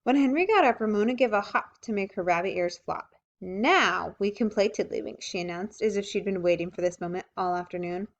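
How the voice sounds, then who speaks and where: A woman reading a children's book aloud, with expressive, lively storytelling. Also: medium pitch, fast, few pauses. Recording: dull lo-fi recording.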